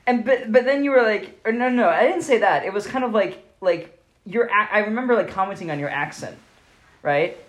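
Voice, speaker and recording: A woman's voice: medium pitch, lively intonation, fairly quick. A woman hosting a podcast, chatting casually with lots of fillers and restarts. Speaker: podcast host. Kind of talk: casual chat.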